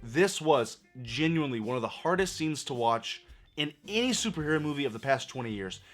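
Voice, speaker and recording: A man giving a profane, exasperated film review rant, his voice going hoarse. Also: mid-range voice, animated, fairly quick, a bit bright, soft background music. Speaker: movie reviewer.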